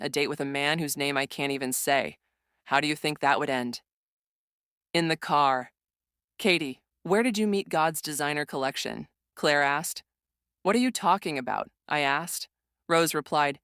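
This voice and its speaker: Low-voiced woman reading a story. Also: clear, resonant tone, dry recording, studio quality. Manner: reads all characters' dialogue in one flat voice, tags speakers. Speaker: narrator. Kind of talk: first-person storytime narration.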